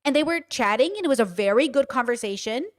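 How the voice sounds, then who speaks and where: A woman livestreaming, telling stories and giving commentary in an emphatic, animated and blunt way, with frequent swearing. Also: fairly high pitch, quick pace. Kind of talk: casual livestream storytelling and commentary.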